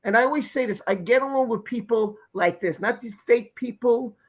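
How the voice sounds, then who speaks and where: A man's voice: very high voice, fairly quick, highs cut off. This is a man with a Brooklyn accent hosting a live stream. He talks emphatically and gushes, and he circles back over the same points again and again. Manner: emphatic, effusive, repeats himself. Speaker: host.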